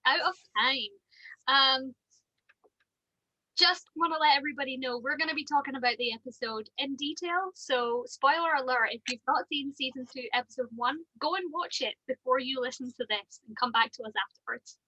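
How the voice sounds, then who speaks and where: A woman's voice: high voice, normal speed, sharp tone, no echo, dull audio. A woman co-hosting a casual fan podcast, chatty and giggly, with lots of ums. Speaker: podcast co-host.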